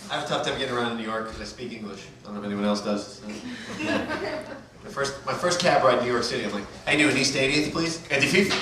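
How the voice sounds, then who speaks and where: A man's voice: mid-range voice, quick pace, fairly bright tone. A man hosting a comedy night, riffing and introducing comics, mimicking voices. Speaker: comedy show host. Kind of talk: stand-up banter and introductions. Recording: echoey club from far off, noisy.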